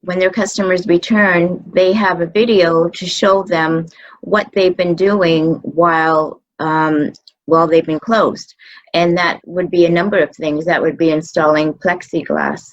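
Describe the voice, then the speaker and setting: A woman speaking as a food service manager in an interview, measured and thoughtful, with frequent fillers and restarts. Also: low voice, fairly even intonation, lo-fi sound. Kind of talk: video interview answers.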